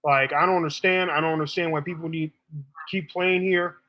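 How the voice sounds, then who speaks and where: A man's voice: a little high, steady tone, a little fast, dull audio. A man hosting a live stream debate, talking bluntly and assertively to callers, casually calling them baby.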